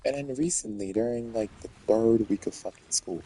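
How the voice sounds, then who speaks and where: A man's voice: mid-range voice, normal speed, dark tone, faint music behind, rough recording. A man telling a rambling, profane story in a casual rant.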